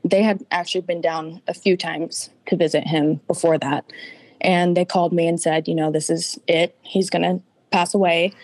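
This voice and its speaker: A woman's voice: lowish voice, darkish tone, no room sound. A woman guest giving a candid, emotional personal account in an interview, tearful at times.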